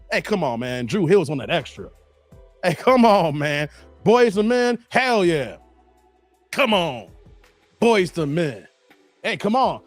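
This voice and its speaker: Lively high-voiced man riffing. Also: slow pace, long pauses, no echo, soft background music. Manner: animated, breaks into singing song hooks and laughs. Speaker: reaction video host. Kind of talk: casual reaction commentary.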